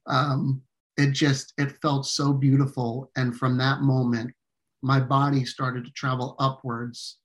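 A man telling a personal story in conversation as an interview guest, earnest and halting, with frequent fillers and restarts. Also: mid-range voice, flat delivery.

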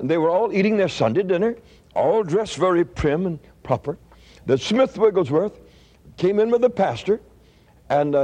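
A man's voice: on the high side, dark tone, breathy edge, dull audio. An older man preaching, telling a testimony story in a folksy manner with frequent restarts.

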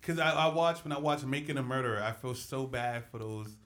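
A man hosting a podcast, asking questions in a playful, halting way. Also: mid-range voice, fairly bright tone. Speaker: podcast host. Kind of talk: casual podcast chat.

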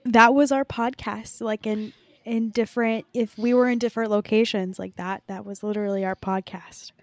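A woman co-hosts a podcast, gushing with excitement in loose chat. Her voice sits a little high. The recording is close and dry. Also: moderate pace, no room sound. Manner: enthusiastic, gushing. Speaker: podcast co-host. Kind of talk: casual chat.

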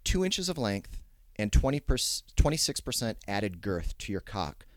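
A man hosting a casual comedy podcast, laying out absurd scenarios in a deadpan way. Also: lowish voice, normal speed, dry recording, studio quality. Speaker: podcast host.

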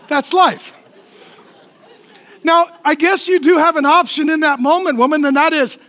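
A middle-aged man preaching a humorous sermon as pastor, animated and joking, often asking the congregation questions. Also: very high voice, takes it slowly, pauses often, long reverb tail. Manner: animated, joking storyteller who asks the crowd questions.

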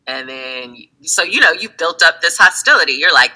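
A woman's voice: low-pitched, animated, moderate pace, few pauses, pushed and bright, low-quality recording. A woman in casual conversation, telling stories animatedly, acting out her friends in quotes and laughing often. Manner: laughs often while talking. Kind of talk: casual chat.

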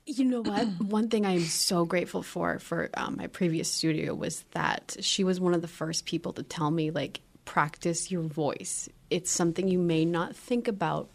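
A yoga teacher chatting casually, laughing often and now and then dropping to a whisper. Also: female voice, on the low side, normal speed, creaky, few pauses. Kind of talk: casual chat.

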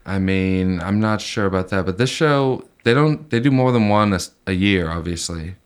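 A man's voice: sits low, animated, normal speed, clean tone. A man co-hosting a podcast, making laid-back, dry remarks in casual chat. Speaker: podcast co-host.

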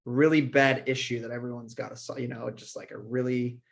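A man's voice: mid-range voice, little pitch movement, a little fast, creaky. A young man, a podcast guest, rambling upbeat answers with lots of fillers. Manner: upbeat, rambling, laughs easily. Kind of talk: casual podcast chat.

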